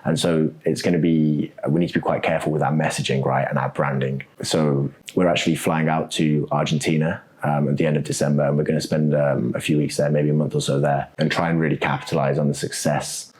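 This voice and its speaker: This guest, co-founder of a startup in web3 architecture, has an extremely low-pitched voice and a brisk delivery with scarcely a pause. Being interviewed, he stays relaxed and conversational, musing out loud, filling gaps with ums and tagging many of his points with "right?"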